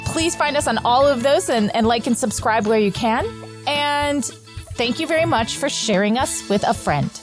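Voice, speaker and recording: A woman's voice: on the high side, normal speed, faint music behind. Chatty, earnest woman hosting a podcast. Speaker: podcast host. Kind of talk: casual chat.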